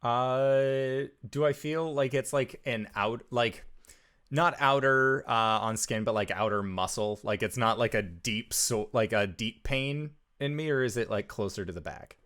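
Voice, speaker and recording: A man's voice: mid-range voice, measured pace, a bit bright. A man playing a tabletop game, asking questions in rambling, restarting sentences. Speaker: player.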